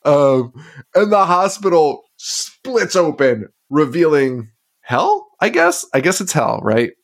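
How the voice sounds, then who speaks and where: A man's voice: on the high side, big pitch swings, slow pace. A man co-hosting a podcast, recapping films in casual chat, swearing and laughing as he rambles. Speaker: podcast co-host.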